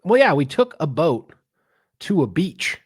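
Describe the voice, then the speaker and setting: A man's voice: on the high side, very animated, unhurried, slightly rough, no echo, studio quality. A man co-hosting a podcast, talking in laid-back, joking banter. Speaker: podcast co-host. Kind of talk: casual chat.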